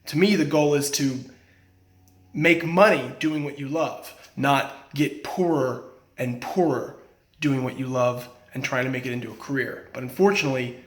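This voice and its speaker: Young actor guy venting and giving a buddy advice, mid pitch, kinda echoey room. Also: moderate pace. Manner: earnest, frank advice to a friend. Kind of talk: casual talk to camera.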